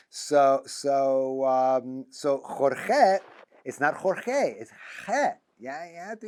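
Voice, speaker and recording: A man's voice: a little high, a little mellow. A middle-aged man, a rabbi teaching a class, talking in a loose, joking way, full of restarts and stammers. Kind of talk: informal lecture. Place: classroom with students.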